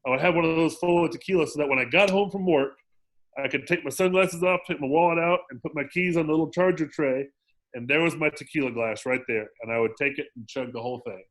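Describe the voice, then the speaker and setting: A man guest telling his recovery story in a casual interview, animated and acting out quotes, often restarting his sentences. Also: a little high, quick pace. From lived in Mexico for ten years. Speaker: podcast guest, sober living director.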